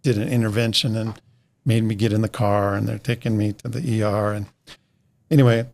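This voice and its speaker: A middle-aged man, guesting on a podcast, rambles through a lengthy story and re-enacts everyone's lines in a casual way. His fairly low voice is a little mellow and a little fast, with vocal fry and little pitch movement.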